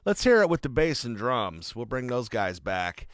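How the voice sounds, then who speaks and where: In his studio, a man gives a laid-back, friendly tour of a song's mix he's producing. His mid-range voice is sing-song, and he chats casually at a normal speed.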